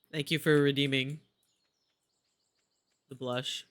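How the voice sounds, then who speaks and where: A man's voice: on the high side, expressive, measured pace, sharp tone. A man streaming a game, chatting casually with playful, gushing asides. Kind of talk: casual gameplay commentary.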